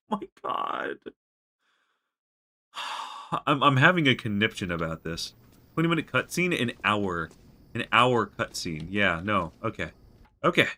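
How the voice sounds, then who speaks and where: A man streaming a game live, ranting to chat in an exasperated, emotional way with stammers and swearing. His voice sits low but bright and swings widely in pitch. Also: expressive, slow, pauses often. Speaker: livestreamer. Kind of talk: casual live game commentary.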